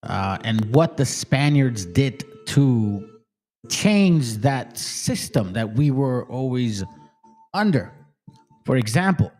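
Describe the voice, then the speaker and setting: A man with a mid-range, slightly mellow voice hosts a commentary stream. Reacting to a clip, he's profane and combative and calls his viewers "fam."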